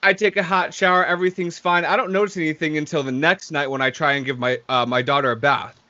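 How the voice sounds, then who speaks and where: A podcast co-host with a fairly high voice talks fast as he tells a long story in casual, profane chat, animatedly acting out what other people said. The sound is lo-fi.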